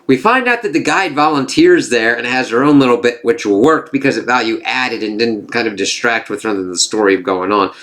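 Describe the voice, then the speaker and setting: A man casually recapping and reviewing a TV episode, excitable and profane, full of "kind of" and "like". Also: mid-range voice, a little fast, hardly any pauses.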